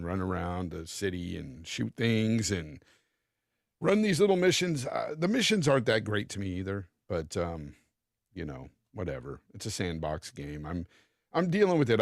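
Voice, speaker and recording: A man's voice: deep voice, gravelly, dry recording, studio quality. A man co-hosting a casual gaming podcast, rambling and repeating himself, with a casual swear now and then. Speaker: podcast co-host.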